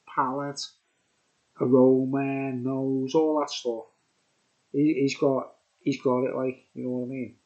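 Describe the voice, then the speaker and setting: A man's voice: mid-range voice, dark tone, highs cut off. Rambling man with a Birkenhead Scouse accent. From Birkenhead, England. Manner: rambling, repeats "you know what I mean". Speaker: beer review vlogger. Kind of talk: rambling casual vlog chat.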